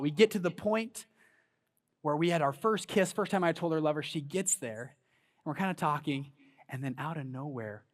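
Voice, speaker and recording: Man, 30s, high-pitched voice, animated motivational speaker in a big hall. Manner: storytelling, animated, hypes the crowd. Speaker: conference speaker. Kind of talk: motivational stage talk. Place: large event hall on stage.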